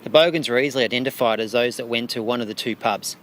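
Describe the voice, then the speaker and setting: A man's voice: mid-range voice, quick pace, a bit bright, a little hiss or hum. An Australian man answering radio interview questions as a featured artist, with dry, wry asides.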